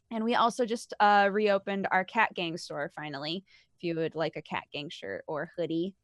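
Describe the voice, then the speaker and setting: A woman co-hosting a podcast, chatting in a relaxed, easygoing way. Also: on the low side, dry recording, studio quality. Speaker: podcast co-host. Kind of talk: casual podcast chat.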